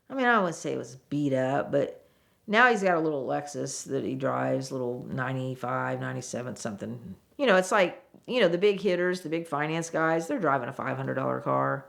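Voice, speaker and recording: Low gravelly woman telling a story. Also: moderate pace. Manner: animated, acts out what people said. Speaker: former car saleswoman. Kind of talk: casual storytelling.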